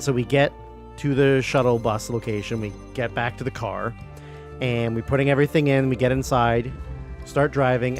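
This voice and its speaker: A man tells a rambling story in a casual, conversational way, leaning on fillers like "like" and "you know." Faint music plays softly behind him. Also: mid-range voice. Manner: rambling anecdote with many fillers and acted quotes. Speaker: guest.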